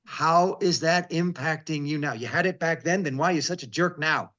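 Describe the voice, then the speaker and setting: Rabbi reading scripture with emphatic asides. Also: male voice, a little high, bright, forceful tone, muffled recording. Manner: reads scripture slowly and emphatically, breaks off with asides. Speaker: rabbi, interview guest. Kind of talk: devotional reading and reflection.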